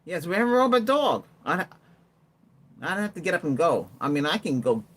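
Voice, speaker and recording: Chatty man with a lively voice. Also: on the high side, normal speed. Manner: rambling, chatty, answers viewer comments, laughs often. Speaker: livestream host. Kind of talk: casual livestream chat.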